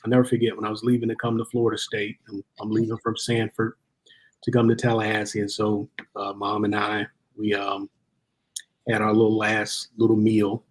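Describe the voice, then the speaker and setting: A guest chaplain tells personal stories in conversation, animatedly acting out what people said. His voice is fairly low and his pace fairly quick.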